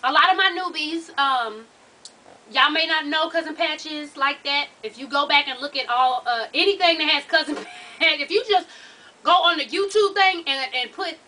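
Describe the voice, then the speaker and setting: Young woman vlogger, bright high voice, lively and profane storyteller, a bit away from the mic. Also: moderate pace, a little hiss or hum. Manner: animated, profane, laughs through her stories. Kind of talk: casual storytelling vlog. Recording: voice from a distance off the mic.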